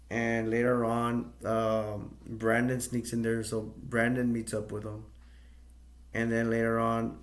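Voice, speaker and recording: A man casually recapping a movie's plot, rambling and hesitant, with many fillers and self-corrections. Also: mid-range voice. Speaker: movie reviewer.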